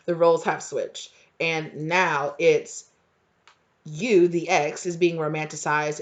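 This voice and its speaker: A woman's voice: deep voice, fairly even intonation, takes it slowly. A woman giving a casual tarot reading, chatty and full of fillers, laughing now and then. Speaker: tarot reader.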